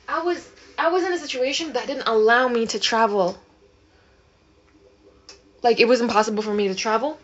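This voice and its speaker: A woman with a fairly high voice vents in a casual vlog, swearing freely and hammering her points. Her delivery rambles and restarts. The recording sounds dull and lo-fi. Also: fairly bright tone, slight background noise. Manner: emphatic, profane, rambling. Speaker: manifestation vlogger.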